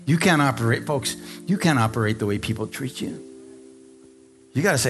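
Man preaching, mid-pitch voice, telling stories and asking the crowd stuff, quiet guitar behind. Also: expressive, a little fast, long pauses. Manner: storytelling, acts out voices, asks the congregation. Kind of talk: sermon with scripture reading.

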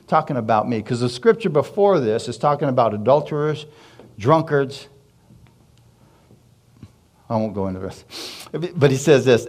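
A man preaching, telling his own story to a congregation in a mid-pitched voice. He talks in a casual storytelling way, asks the listeners questions and chuckles between lines. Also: animated, normal speed, a little mellow. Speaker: preacher giving testimony. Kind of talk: sermon testimony.

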